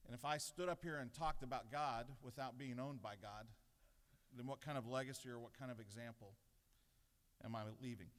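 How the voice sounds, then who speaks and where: A man's voice: a little high, fairly bright tone. A middle-aged man gives an earnest devotional sermon at a podium, mixing self-deprecating stories with a spiritual challenge. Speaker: pastor giving a devotional. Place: large legislative chamber. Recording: long reverb in a large chamber.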